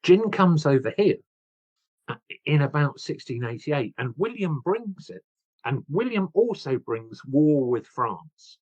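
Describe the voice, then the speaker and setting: A man's voice: fairly high pitch, big pitch swings, unhurried, darkish tone, husky, no echo, highs cut off. A man, an author telling history stories with enthusiasm, often restarting and going off on side paths. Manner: enthusiastic, digressive, frequent restarts. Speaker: author and guest. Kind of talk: storytelling history talk.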